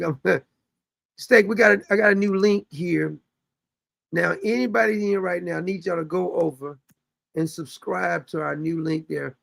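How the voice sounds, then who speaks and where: A man's voice: sits high, creaky, a bit bright, dry recording. A man hosting a casual livestream chat, rambling loosely and laughing often. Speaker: show host.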